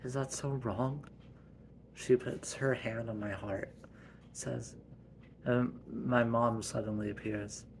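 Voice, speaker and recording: Slow, soft-spoken man telling a story. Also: mid-range voice, lively intonation, slight background noise. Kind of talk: improvised family story narration.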